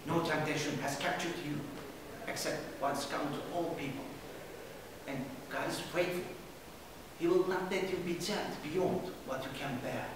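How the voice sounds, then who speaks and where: A woman's voice: sits low, normal speed, close to an everyday voice. A prim young actress with a patronizing, preachy manner, played by a woman on stage. She sounds distant, caught by a microphone far from the stage. Long hall reverb and a noisy room surround her. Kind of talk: amateur stage play.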